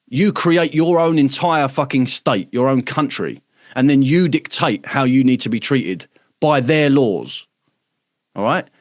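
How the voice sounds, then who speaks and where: A man's voice: on the high side, no echo, studio quality. A man hosting an online workshop, talking casually and emphatically, with lots of swearing and tag questions like "right?". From United Kingdom. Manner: acts out other people's voices mid-talk. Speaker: workshop host. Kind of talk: casual livestream talk to members.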